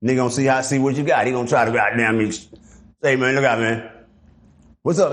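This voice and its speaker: A middle-aged man telling stories in a casual interview, animated and profane, acting out the voices of the people in them. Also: medium pitch, quick pace. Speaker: guest.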